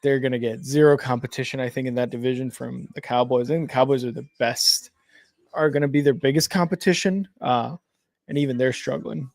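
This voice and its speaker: A man's voice: mid-range voice, fairly even intonation, brisk, gravelly, darkish tone, no echo. A man co-hosting a live game watch-along, talking casually with lots of fillers and restarts, calling plays as they happen. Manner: rambling, filler-heavy, self-correcting. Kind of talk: casual live sports chat and play-by-play reactions.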